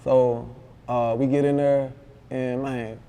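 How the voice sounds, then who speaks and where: A man with a Memphis accent, a rapper telling a story in a casual interview, animated and full of slang, acting out what others said. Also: medium pitch, takes it slowly, clear, resonant tone. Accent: Southern US, Memphis. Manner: animated, slangy, acts out quoted dialogue. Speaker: rapper guest.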